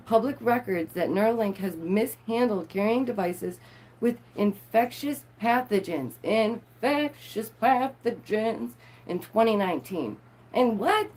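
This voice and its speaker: A woman's voice: medium pitch, darkish tone. A woman, live streaming and reading news aloud with playful, sarcastic asides to her viewers. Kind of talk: casual live-stream commentary.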